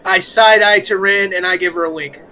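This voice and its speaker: A man's voice: sits high, fairly even intonation, a little fast, bright, forceful tone, poor audio. A man playing a tabletop role-playing game over a voice call, playful and jokey, laughing easily. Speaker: player. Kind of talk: casual tabletop game chat.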